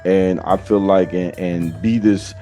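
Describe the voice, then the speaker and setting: A man hosts a casual podcast chat in a low, warm, mellow voice. He talks loosely and slangily, tossing in "you know" constantly. Soft music plays faintly behind him. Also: fairly even intonation, unhurried. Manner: casual, slangy, peppered with "you know what I'm saying". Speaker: podcast host.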